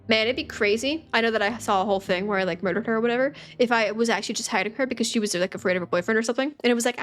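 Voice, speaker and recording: A woman's voice: on the high side, rapid-fire, hardly any pauses, faint music behind. A woman streamer giving playful, joking commentary while playing a game. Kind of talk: let's play commentary.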